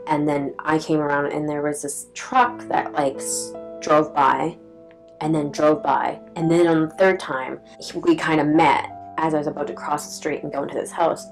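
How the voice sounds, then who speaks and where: A young woman with a notably low, deep voice recounts a personal story to the camera. She rambles casually, leaning on "like" and swearing bluntly. Faint music sits softly behind her. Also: flat delivery, normal speed, poor audio. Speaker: vlogger.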